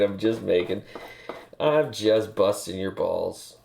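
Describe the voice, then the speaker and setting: Casual streamer guy, very low gravelly voice, crude joker, faint hiss behind. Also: lively intonation, takes it slowly, darkish tone. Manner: crude joking banter. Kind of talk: casual chat while working.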